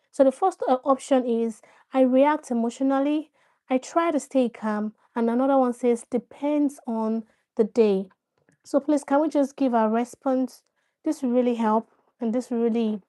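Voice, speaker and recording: A woman's voice: a little high, mellow. A woman hosting a casual live stream, addressing her viewers directly, coaxing them to respond and often repeating herself.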